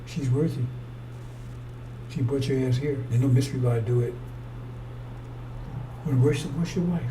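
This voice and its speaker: Blunt, profane preacher, distant mic. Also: male voice, mid-range voice, moderate pace. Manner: blunt, profane, rambling, with acted-out quotes. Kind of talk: fiery street-style sermon. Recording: distant mic with faint noise.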